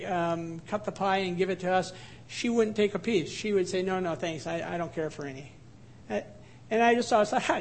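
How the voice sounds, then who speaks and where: A male pastor delivers a sermon with earnest emphasis, mixing rhetorical questions and personal stories. His voice sits noticeably high for a man.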